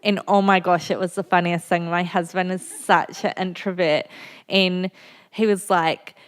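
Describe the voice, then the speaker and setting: New Zealand woman in her thirties, author guest, candid and laughing, lowish voice. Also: steady tone, unhurried, clean tone. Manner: candid, funny storytelling with frequent laughter. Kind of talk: festival stage talk. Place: festival venue before an audience.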